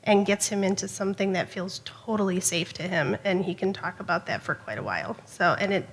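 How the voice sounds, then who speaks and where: A woman social worker explaining coping skills to parents in a relaxed, casual way, with fillers. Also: medium pitch, brisk, a little hiss or hum.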